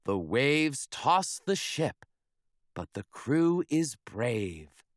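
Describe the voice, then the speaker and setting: Man reading a kids' book aloud, very slow, lively up-and-down voice, dry close recording. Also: medium pitch, dry recording. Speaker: children's book reader. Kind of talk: storybook read-aloud.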